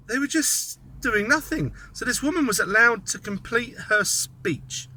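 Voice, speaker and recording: Guy ranting on his channel, super bright sharp tone, mocking and rambling. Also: very high-pitched, expressive, unhurried. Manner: sardonic, mocking asides; rambling, thinks aloud. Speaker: political commentator. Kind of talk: casual commentary monologue.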